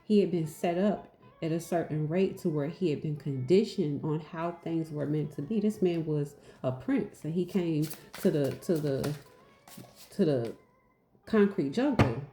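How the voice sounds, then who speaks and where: Woman, deep and warm, casual spiritual teacher, emphatic and repetitive, a bit goofy, roomy echo. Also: a little slow, slight background noise. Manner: repetitive, emphatic, asks "right?"; goofy and laughing at herself.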